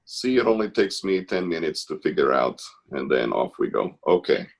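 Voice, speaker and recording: A man's voice: extremely low pitch, big pitch swings, moderate pace, vocal fry. A man hosting a live online art class, chatting in an upbeat, encouraging way. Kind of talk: casual live-stream teaching.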